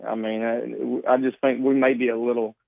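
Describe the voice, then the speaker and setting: A man's voice: medium pitch, little pitch movement, normal speed, vocal fry, dry recording. A man calling in as a guest for a casual interview, talking in a rambling way with many restarts and small chuckles. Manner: rambling, self-correcting, chuckling. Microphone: phone. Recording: tinny phone line.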